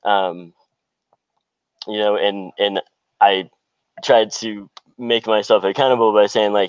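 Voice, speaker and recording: A man calling in to a Q&A show, talking earnestly and hesitantly with many pauses and restarts. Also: on the low side, level tone, clear, resonant tone, no echo, lo-fi sound. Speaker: caller on a Q&A show.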